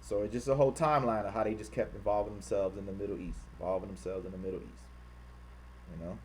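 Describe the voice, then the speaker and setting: A man hosting an online show, reading items off his screen and talking about them. He repeats himself often and gets loud and high-pitched when he is worked up. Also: fairly even intonation, fast talker, a little hiss or hum. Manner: repetitive, grows loud and high when heated, mocking quoted voices. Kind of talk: livestream commentary reading from a screen.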